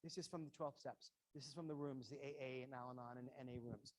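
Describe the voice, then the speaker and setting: A guest educator delivers an earnest motivational lecture with slides to parents, talking fast with hardly a pause in a mid-range, somewhat dark voice and fairly even intonation. He drives points home by repeating key phrases and acting out brief quoted exchanges.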